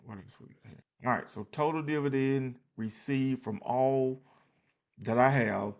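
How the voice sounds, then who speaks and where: The sound is lo-fi as a gravelly, medium-pitched man speaks at a measured pace. He's an investing channel host, tired and yawning, walking casually and plainly through his portfolio on screen with lots of fillers and restarts.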